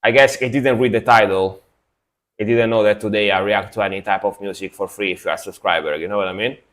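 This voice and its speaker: Fast and fairly even in intonation, this low-ish, bright-toned voice belongs to a young Italian music-reaction streamer. Still groggy from a nap, he chats loosely and casually with his audience.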